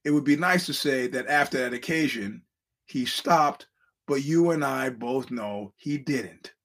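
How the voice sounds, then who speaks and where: A man's voice: mid-range voice, unhurried, fairly bright tone. A man hosting a podcast, telling a story in a rambling, casual monologue and acting out the quoted voices. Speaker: podcast host.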